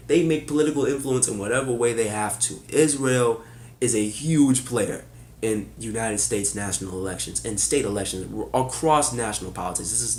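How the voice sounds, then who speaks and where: Guy ranting about politics, sarcastic, says y'all, yells then mutters, echoey room. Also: slight background noise. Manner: heated, sarcastic, rhetorical questions, swings from loud to low; casual, swears, says y'all. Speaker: political commentator. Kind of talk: opinion monologue.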